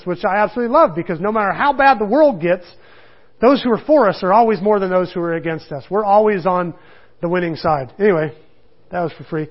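A man's voice: high voice, fast talker. A middle-aged man teaching a casual Bible study, conversational, chuckling and acting out the quotes he tells. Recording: dull lo-fi recording.

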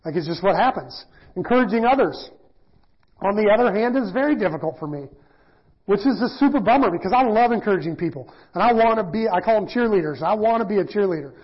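A middle-aged pastor teaching in a casual, self-deprecating sermon, often acting out quoted voices. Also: male voice, sits high, animated, fast talker, breathy edge. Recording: dull lo-fi church audio.

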